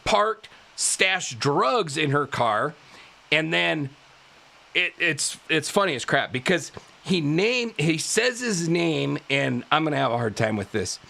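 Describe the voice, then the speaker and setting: A male podcast host telling a true-crime story in a casual way, animated, laughing often and tripping over his words. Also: a little high, slow pace, vocal fry. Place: live podcast studio.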